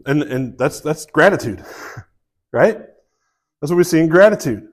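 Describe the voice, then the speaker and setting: Southern pastor telling a story. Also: male voice, fairly high pitch, measured pace. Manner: relaxed storytelling with many fillers. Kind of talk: sermon.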